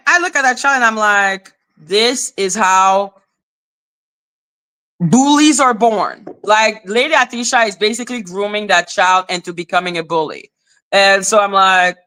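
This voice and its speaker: A woman's voice: medium pitch, pushed and bright. A woman hosting a casual livestream commentary, a former teacher talking bluntly and swearing freely as she rants. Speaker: live commentary channel host.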